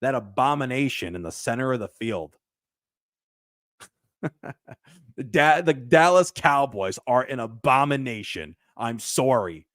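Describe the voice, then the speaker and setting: Male sports-show host, mid-pitched, emphatic and repetitive, dry close mic. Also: unhurried, long pauses, no echo. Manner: animated, emphatic, repeats himself. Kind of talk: casual sports talk.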